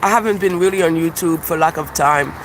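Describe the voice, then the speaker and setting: A man with a high voice rambles through a live-stream monologue outdoors. He is animated and profane, and he laughs at his own jokes. Loud traffic noise sits under everything he says. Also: brisk. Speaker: YouTube livestreamer and self-described comedian. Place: outdoors by a busy street with birds. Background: passing cars and birdsong.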